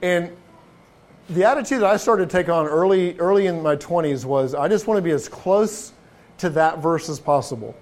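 A man's voice: fairly high pitch, moderate pace. A man preaching a sermon as a pastor in a conversational way, often restarting his phrases and asking the listeners rhetorical questions. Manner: frequent restarts and repeated words.

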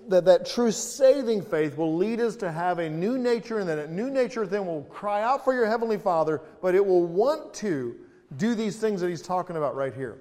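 Pastor, male, sermon in a reverberant church hall, fairly high voice, builds emphasis on scripture, loose and jokey between verses. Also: lively intonation, normal speed, mellow. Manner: preaching with rising emphasis, reading scripture aloud; chatty humorous asides. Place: church sanctuary.

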